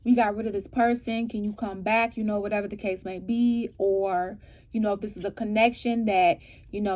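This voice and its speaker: Doing a laid-back tarot reading for viewers, this woman speaks in a mid-range voice, firing off lively rhetorical questions and repeatedly asking "right?" and "okay?".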